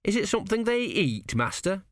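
A man's voice: sits high, very animated, normal speed, fairly bright tone, no echo, studio quality, voice pushed up. A man reading an audiobook, voicing a plump, eager young male apprentice who jokes and asks questions. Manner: chirpy, keen, asks lots of questions. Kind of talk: audiobook character voice.

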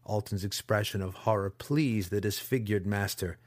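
A man narrating a fantasy audiobook in an expressive, dramatic storytelling style on a close mic. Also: on the low side, normal speed, no room sound.

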